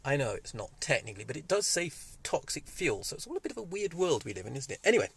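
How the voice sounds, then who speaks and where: A man in his fifties, rambling and excitable in a casual monologue, speaking through a cold. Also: fairly high pitch, fast talker, vocal fry, husky. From Wales. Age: 50s. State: has a cold. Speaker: vlogger. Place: indoors, sunny room.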